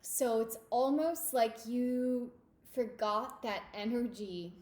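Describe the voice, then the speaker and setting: Woman tarot reader, unhurried and emphatic, intimate with listener, echoey room. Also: on the high side, darkish tone. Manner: intimate, emphatic, addresses listener as darling and babe. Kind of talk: tarot reading monologue.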